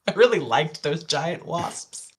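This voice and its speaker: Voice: medium pitch, lively intonation, slow pace, breathy edge. A player in a tabletop game who sounds eager and upbeat while adding up dice aloud. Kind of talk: casual tabletop play.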